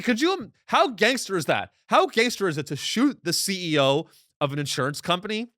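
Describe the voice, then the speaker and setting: A man's voice: on the high side, fairly bright tone, no room sound, studio quality. A man hosting a comedy show, delivering a rambling, sardonic monologue reacting to the news. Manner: rambling, sardonic, restarts mid-sentence.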